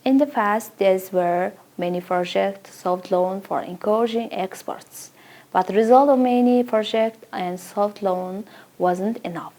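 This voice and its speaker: A woman's voice: medium pitch, a little slow, warm tone. A woman presenting English-language news, reading a script in a careful, formal way.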